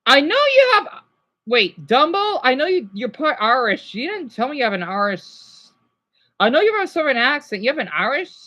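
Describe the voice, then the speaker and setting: A woman's voice: high voice, big pitch swings, normal speed, bright, forceful tone. A woman streaming live and chatting casually with her viewers.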